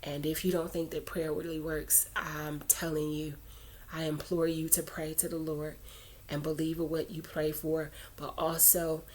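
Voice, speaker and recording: At a measured pace, a woman vlogger with a low-pitched, darkish voice and level tone tells her faith story to camera over slight background noise. Her casual telling wanders with asides and grows earnest when she urges prayer.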